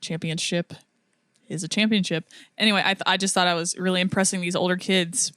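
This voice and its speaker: A woman's voice: fairly low pitch, steady tone, fairly quick, fairly bright tone, smooth, no room sound. Giggly chatty young woman, dry close mic. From United States. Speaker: podcast co-host. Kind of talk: casual chat.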